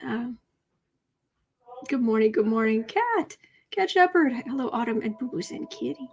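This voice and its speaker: A woman's voice: a little high, animated, moderate pace, a little hiss or hum. A middle-aged woman hosting a livestream, chatting casually and rambling as she greets viewers by name. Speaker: tarot reading livestream host.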